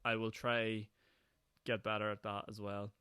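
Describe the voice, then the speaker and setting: Fast-talking Northern Irish man, low voice. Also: little pitch movement, bright, forceful tone, clear, resonant tone, no echo, studio quality. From Northern Ireland. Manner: fast-talking, rambling, laughs often. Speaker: podcast host. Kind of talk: casual solo podcast chat. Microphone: podcast microphone.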